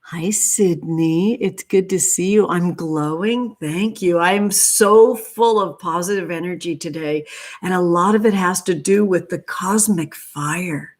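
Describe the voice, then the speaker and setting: A woman's voice: on the low side, measured pace. A woman hosting a casual livestream, chatting playfully and greeting viewers by name with gushing affection. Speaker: livestream host.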